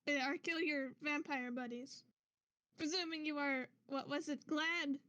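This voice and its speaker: A woman talks casually as a player in a tabletop game. Her voice is very high. The sound is dry and close. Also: steady tone, unhurried, fairly bright tone, no echo.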